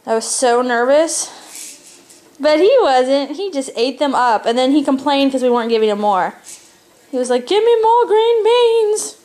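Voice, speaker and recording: A woman's voice: sits high, moderate pace, a little mellow. A tired young woman and mother, chatting casually at home for a family vlog and talking sing-song to her toddler. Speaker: mother vlogging family life.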